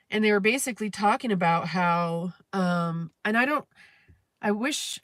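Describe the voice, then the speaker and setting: A woman's voice: mid-range voice, fairly bright tone, no room sound. A woman hosting a live stream, venting in a candid, rambling, profane way. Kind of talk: casual venting monologue.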